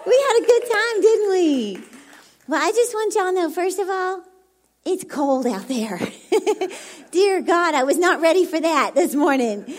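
A woman's voice: very high voice, lively intonation, unhurried. A woman from Dallas with a Texan accent and a very youthful, childlike voice, preaching as a bubbly, chatty guest speaker who laughs often. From Dallas, Texas. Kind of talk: sermon.

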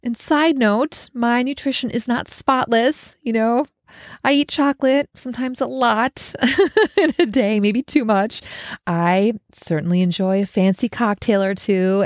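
A woman's voice: medium pitch, a little mellow, dry recording, studio quality. A woman hosting a solo podcast, talking in a reflective, conversational way with many fillers. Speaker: podcast host. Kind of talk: casual solo podcast talk.

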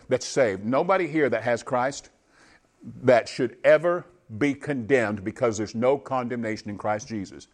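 A man preaching a sermon in a church on a microphone, swinging from high, loud passages to low, quiet asides, his voice going hoarse. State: losing his voice. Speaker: pastor. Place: church sanctuary. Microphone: handheld or stage microphone.

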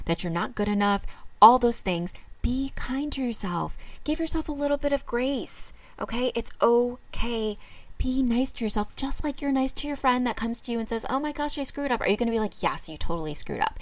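A woman with a slightly high voice hosts a self-help podcast, speaking earnestly and encouragingly to her listeners. Her manner is casual, with frequent fillers, and the recording has no echo.

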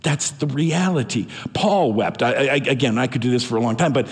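A man's voice: medium pitch, a little fast, long reverb tail. A man preaching a sermon as pastor, earnest and emphatic, often restarting his phrases.

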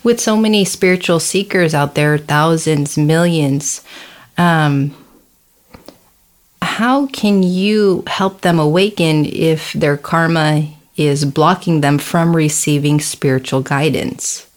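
A woman interviewer asking measured questions. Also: low-pitched.

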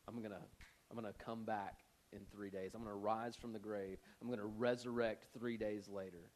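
A man voicing a calm, firm male teacher who speaks in casual everyday phrasing during a sermon retelling. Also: lowish voice, normal speed, voice pushed down, lightly acted. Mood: earnest.

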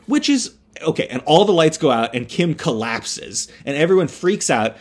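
A man hosting a podcast, recapping a film in a rambling, animated way, with many fillers, restarts and swear words. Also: fairly high pitch, normal speed, few pauses. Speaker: podcast host. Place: indoors, construction noise nearby.

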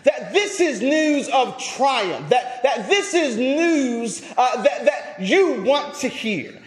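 A male pastor preaching a sermon, emphatic, rising to loud peaks and dropping low at phrase ends, often repeating words as he restarts. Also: big pitch swings, takes it slowly. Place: church sanctuary. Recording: echoey church sanctuary.

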